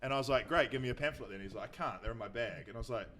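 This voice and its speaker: Fast-talking New Zealand man telling stories. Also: mid-range voice, a bit bright, a little hiss or hum. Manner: rambling anecdotes with mocking quoted voices. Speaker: podcast guest, comedian. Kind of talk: casual chat, storytelling.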